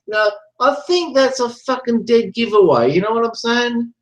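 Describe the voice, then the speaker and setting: High-voiced man ranting and swearing. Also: moderate pace, hardly any pauses, muffled recording. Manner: profane, repetitive, heated rambling. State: drinking beer. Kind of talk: ranting casual chat.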